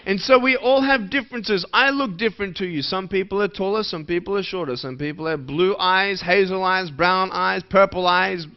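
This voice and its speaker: A high-pitched man talks at a normal speed, smooth and with hardly any pauses. He is a motivational speaker addressing schoolchildren playfully and putting questions to the audience. The lo-fi recording sounds dull.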